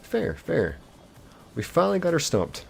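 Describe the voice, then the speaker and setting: A man's voice: a little high, huge pitch swings, a little slow, vocal fry, soft background music. A man streaming a game live, chatting casually and reading viewer comments aloud.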